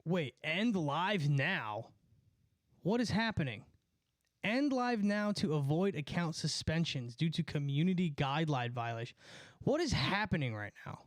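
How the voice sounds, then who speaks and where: A man telling a profane, animated story on a live stream, a bit out of breath. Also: on the high side, unhurried, no echo, clean studio sound. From California. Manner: animated, profane, jumps between story and asides.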